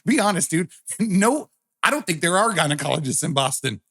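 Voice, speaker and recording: A man's voice: on the high side, sing-song, fairly quick, a bit bright. A man co-hosting a podcast in casual crude banter, swearing and cracking jokes, often breaking into laughter. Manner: profane, joking, breaks into laughter. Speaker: podcast co-host.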